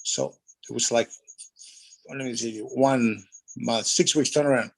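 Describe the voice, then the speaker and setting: A man's voice: medium pitch, a little slow, gravelly, rough recording. A middle-aged Australian man, a retired wrestler, casually telling rambling anecdotes in an interview and acting out the voices of people in his stories.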